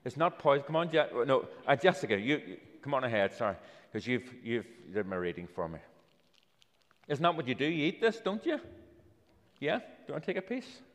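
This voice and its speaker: A male preacher gives a children's talk sermon, his voice rising and falling in a lively storytelling way. He draws listeners in and invites them up. The sound carries a long reverb from a church hall. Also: medium pitch, brisk. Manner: storytelling with props, inviting people up.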